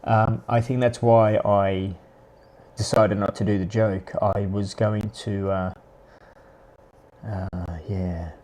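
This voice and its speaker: A man's voice: on the low side, flat delivery, darkish tone. Rambling man streaming. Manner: rambling, halting, with many restarts. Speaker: live stream host. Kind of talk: casual chat answering viewers.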